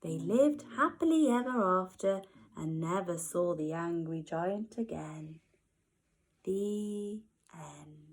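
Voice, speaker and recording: A woman, a nursery teacher, reading a storybook to young children expressively, with gasps and hushed whispers. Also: on the low side, animated, slow pace, poor audio.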